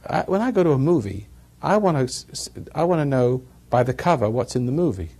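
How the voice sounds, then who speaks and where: A man's voice: mid-range voice, animated, fairly quick, creaky, a little mellow, breathy edge. A man giving a rambling talk to a live audience, chuckling at his own jokes as he tells stories. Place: evening gathering with an audience.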